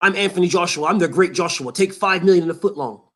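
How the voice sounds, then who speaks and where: A man's voice: sits high, quick pace, a bit bright. A man doing a mocking impression of a boastful male heavyweight boxer who whines about fight terms and acts haughty.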